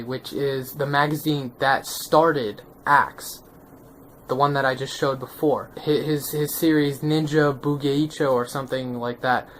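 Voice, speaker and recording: A man reviewing manga in a casual vlog, excitable and slangy, often checking in with the viewer. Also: medium pitch, slight background noise. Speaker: manga vlogger.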